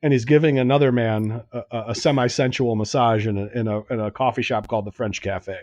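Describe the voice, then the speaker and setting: Fast-talking man telling a story. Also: mid-range voice, dry recording, muffled recording. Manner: animated, swearing, acts out quoted dialogue. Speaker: podcast co-host. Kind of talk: casual storytelling chat.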